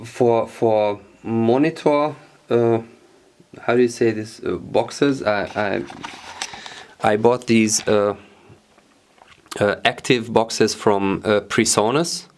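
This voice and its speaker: A man whose first language is German, casually showing his home studio gear, halting with many fillers and repeats as he searches for English words. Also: fairly low pitch, steady tone, darkish tone, a little hiss or hum.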